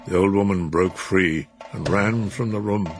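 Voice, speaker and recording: A man narrating a story in an expressive, measured reading. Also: sits low. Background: music.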